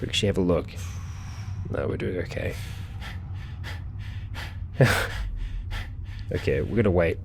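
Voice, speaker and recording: A man's voice: low-pitched, fast, creaky, long pauses, darkish tone, a little hiss or hum. A man hosting a let's play, chatting through his gameplay as he thinks aloud, with frequent fillers. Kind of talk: gameplay commentary.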